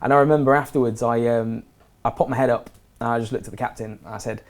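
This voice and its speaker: A man telling a story in casual conversation as a podcast guest, animated and laughing often. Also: medium pitch, fast talker.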